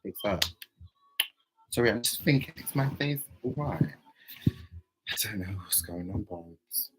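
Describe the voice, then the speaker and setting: A man chatting casually on a livestream, playful, with sudden loud outbursts. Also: fairly low pitch, expressive, takes it slowly, slight background noise, poor audio.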